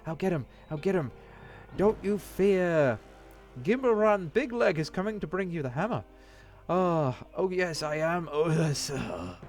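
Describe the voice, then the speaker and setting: Man putting on a dying old dwarf warrior, delirious and frantic, voice pushed high and loud, dragging each plea out slowly, faint music underneath. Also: big pitch swings, exaggerated voice. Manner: urgent, frantic pleading.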